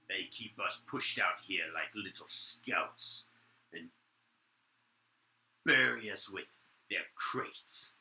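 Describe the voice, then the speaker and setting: A man voicing scheming male lizardfolk guards who whisper and then shout. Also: deep voice, heavily acted. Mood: conspiring. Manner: swings between hushed whispers and sudden shouts. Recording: roomy echo, faint noise.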